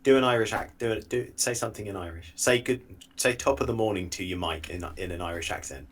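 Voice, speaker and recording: A man with a husky, slightly raspy voice pitched on the low side, co-hosting a loose podcast. He teases and goads his co-host, laughing often as he talks. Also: fast talker. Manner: teasing, goading, laughs a lot. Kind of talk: casual banter podcast.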